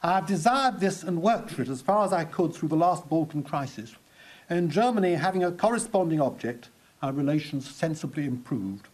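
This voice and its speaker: A man giving a history lecture, measured and reading quotations aloud. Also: fairly high pitch, animated, darkish tone, poor audio.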